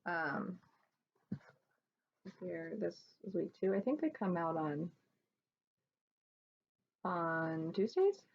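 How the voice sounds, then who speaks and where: Low gravelly woman chatting casually. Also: very animated, drawn-out words, long pauses. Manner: rambling, with many fillers and restarts. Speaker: cross-stitch vlogger. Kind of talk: casual show-and-tell chat. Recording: dull lo-fi sound with faint background noise.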